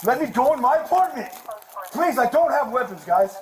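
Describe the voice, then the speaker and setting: Give me a high-pitched man yelling and pleading with police outdoors. His voice comes through the tinny audio of a body camera, with a loud crowd of voices behind him. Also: animated, normal speed. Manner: shouting, pleading and cursing. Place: outdoors near an apartment.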